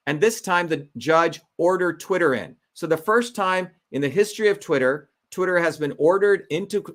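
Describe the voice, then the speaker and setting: A man's voice: a little high, a bit bright. A middle-aged man, a Senate candidate, telling his story in an indignant, emphatic way and repeating his key points. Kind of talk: impassioned political monologue.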